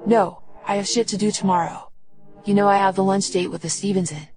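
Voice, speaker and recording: A woman's voice: medium pitch, steady tone, brisk, a little mellow, soft background music, close to an everyday voice. A woman voicing a young woman lover who talks in a mocking, provoking way.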